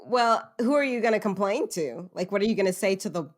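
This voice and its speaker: A woman's voice: medium pitch, expressive, a little fast. A young woman hosting a podcast, telling spooky tales in a casual, self-deprecating way and laughing often mid-sentence. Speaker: podcast host. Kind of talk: casual storytelling chat.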